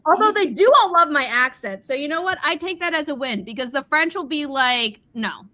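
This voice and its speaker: A young woman chats on a livestream in a bright, clear voice that sits a little high. She tells stories with energy and slips into other people's voices when she quotes them. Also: brisk. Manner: animated storyteller, acts out quotes. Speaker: livestream host. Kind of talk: casual chat.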